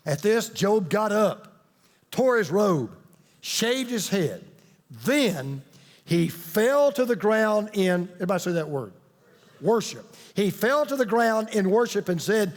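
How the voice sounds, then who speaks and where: A male pastor preaching with emphatic, drawn-out delivery and dramatic pauses. His voice sits notably high for a man. It rings out through a large hall with a long reverb tail. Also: lively intonation. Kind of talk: sermon.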